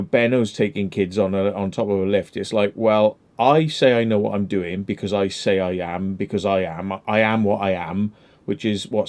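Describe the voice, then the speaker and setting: A man's voice: on the low side, darkish tone. A man, hosting a casual commentary chat, blunt and emphatic with heavy swearing. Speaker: channel host.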